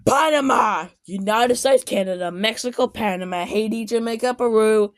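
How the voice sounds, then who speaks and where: A woman giving casual, excitable reaction commentary on animated clips, often exclaiming and shouting. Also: on the high side, normal speed, hardly any pauses, no echo, studio quality. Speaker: video commentator.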